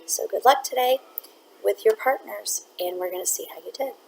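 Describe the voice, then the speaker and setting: A woman teaching a reading lesson, explaining phrasing in a clear, deliberate way and sometimes reading word by word to demonstrate. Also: medium pitch, slight background noise, low-quality recording. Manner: clear, deliberate teacher talk, reads words one at a time to demonstrate.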